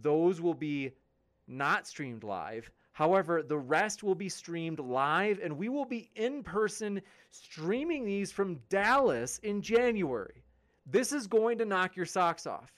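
A man's voice: sits high, expressive, slow, fairly bright tone. A young man hosting a livestream, chatting upbeat as he reads out viewer comments and promotes upcoming debates. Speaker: livestream host and debate moderator. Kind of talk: casual live-chat reading.

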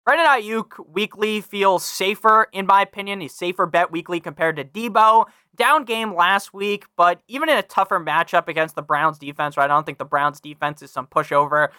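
A young man hosts a fantasy football podcast, delivering casual, profane sports analysis in a brash tone, swearing freely and addressing his listeners directly, and he also reads a sponsor ad. His voice is high-pitched, sharp, and smooth, moving at normal speed with hardly any pauses, captured as clean studio audio with no room sound.

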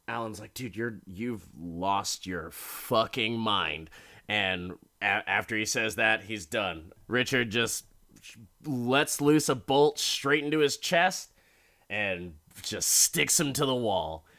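Slow-talking young man, profane and animated. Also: fairly low pitch, gravelly. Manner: profane, animated, laughs while retelling. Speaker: podcast host recapping a horror episode. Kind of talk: casual recap.

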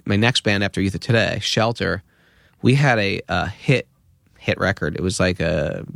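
Gravelly-voiced guy in his 50s telling a story on a podcast, dry close sound, acts out the voices. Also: on the low side, no echo. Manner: lively storyteller acting out quoted voices. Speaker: podcast guest. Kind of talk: anecdotal storytelling.

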